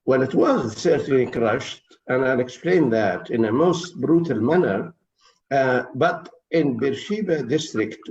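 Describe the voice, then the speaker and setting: A man in his eighties from Palestine, answering interview questions slowly and deliberately, often pausing with hesitant fillers. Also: mid-range voice, darkish tone, slight background noise. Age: 80s. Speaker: interview guest. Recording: dull lo-fi recording.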